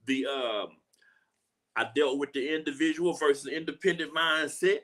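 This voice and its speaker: Hosting a live talk show, this man speaks earnestly at a moderate pace in a steady, slightly bright voice that sits on the high side. He often repeats lines for emphasis, acts out the voices of people he quotes, and asks "you know what I'm saying."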